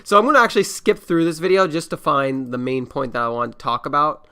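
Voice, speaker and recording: Man, podcast host, casual chat, rambling, profane, bright tone. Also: on the high side, quick pace, clear, resonant tone. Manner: rambling, swears freely, laughs often.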